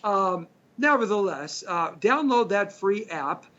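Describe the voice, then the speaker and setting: A man's voice: high voice, animated, takes it slowly, fairly bright tone. A middle-aged or older man hosting a radio show from a studio, chatting in a rambling, joking way. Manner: rambling, chatty, jokey asides. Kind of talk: casual radio monologue. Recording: slightly dull lo-fi stream with faint hiss.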